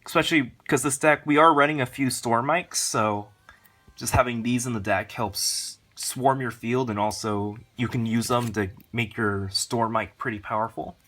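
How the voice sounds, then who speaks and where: A man hosts a casual deck walkthrough for his card game channel. He talks in a hurried, rambling way and keeps filling gaps with "uh" and "like". His voice sits at an ordinary, middling pitch. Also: fairly even intonation, pushed and bright. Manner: rushed, rambling, lots of fillers.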